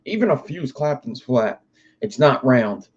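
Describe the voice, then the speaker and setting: A man's voice: medium pitch, big pitch swings, measured pace, breathy edge, muffled recording. A young man hosting a livestream. He rambles in casual chat, swears freely and talks to his viewers. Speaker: livestream host.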